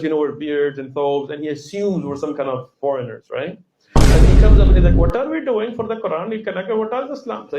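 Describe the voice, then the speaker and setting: A man's voice: a little high, reverberant, poor audio. Man casually telling an anecdote. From United States. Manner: relaxed, conversational anecdote. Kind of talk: storytelling in a talk. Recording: loud background noise.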